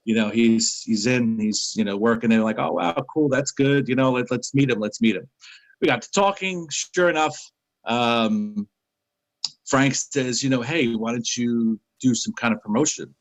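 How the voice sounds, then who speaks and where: New man telling a lively story. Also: medium pitch, moderate pace, no room sound, low-quality recording. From New York City. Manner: animated anecdotes, acting out quoted dialogue. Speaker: interview guest. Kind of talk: casual storytelling.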